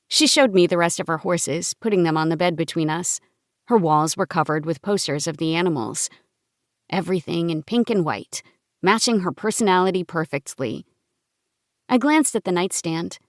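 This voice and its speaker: A woman reading a first-person novel as an audiobook narrator, in a calm, measured storytelling manner. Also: lowish voice, dry recording, studio quality.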